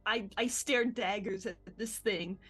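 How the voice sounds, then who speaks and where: A woman's voice: mid-range voice, fairly bright tone, faint music behind. A woman playing in a tabletop game, playful and joking. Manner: playful, laughing, unhurried. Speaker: player.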